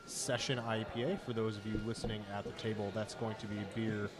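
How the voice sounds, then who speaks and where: A man's voice: lowish voice, little pitch movement, a little fast. A man hosting a beer tasting show, reading beer descriptions and chatting with enthusiasm. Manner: enthusiastic, reads descriptions smoothly. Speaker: podcast host.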